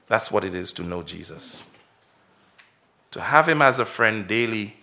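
Bright, expressive male pastor. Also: fairly low pitch, a little slow. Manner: expressive storytelling, swells and drops in loudness and pace; asks the listeners many direct questions. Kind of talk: children's sermon with story.

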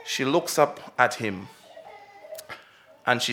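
Bright, expressive male pastor. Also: fairly high pitch, a little slow, pauses often. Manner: expressive storytelling, swells and drops in loudness and pace; asks the listeners many direct questions. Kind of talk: children's sermon with story.

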